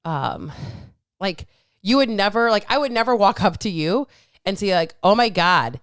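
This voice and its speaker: A woman hosts a casual podcast chat, speaking candidly and swearing freely as she acts out her inner voices. Her voice is smooth and clear. The sound is dry and close. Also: mid-range voice, animated, moderate pace, dry recording. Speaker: podcast host.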